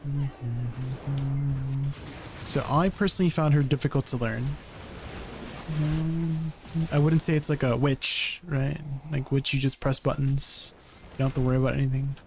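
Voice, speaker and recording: A talkative man gaming on a livestream, chatting with viewers as he plays. His voice sits at an everyday middle pitch, and he keeps checking in with his audience as he explains. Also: steady tone, normal speed, a little mellow, soft background music. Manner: chatty, answers chat questions, tags sentences with "right?". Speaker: game streamer. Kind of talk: casual livestream chat while gaming.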